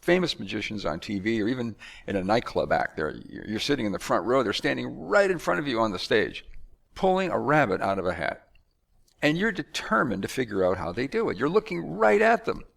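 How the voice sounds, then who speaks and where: A man from the United States talking in a conversational monologue, animated and acting out announcers and magicians. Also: medium pitch, a little fast, creaky. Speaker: speaker.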